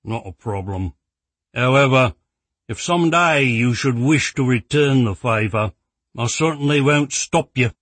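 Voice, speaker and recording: A man voicing a gruff, sardonic male weapons trainer in an audiobook, speaking louder and higher than his narration. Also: animated, unhurried, dry recording. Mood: wry.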